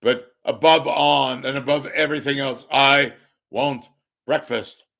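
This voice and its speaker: A hoarse man doing an impression of a booming old-time male movie star who grandly demands breakfast. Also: fairly even intonation, measured pace, fairly bright tone. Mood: grandiose.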